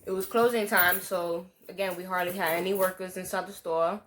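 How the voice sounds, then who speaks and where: Animated, profane young New woman. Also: on the low side, fairly quick, slight background noise. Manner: animated, profane, slangy storytelling. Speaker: vlogger. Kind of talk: storytime monologue.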